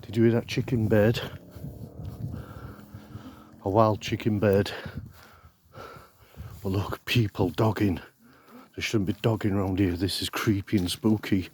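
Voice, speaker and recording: A man filming a mock-spooky comedy vlog outdoors in woodland, talking deadpan and pretending to be scared, with lots of swearing. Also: lowish voice, measured pace, long pauses, breathy edge. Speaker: vlogger.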